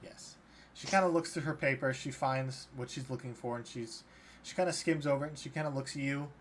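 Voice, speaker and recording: A man's voice: mid-range voice, a little fast. A man running a tabletop game as dungeon master, narrating loosely with many fillers and restarts. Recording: faint background noise.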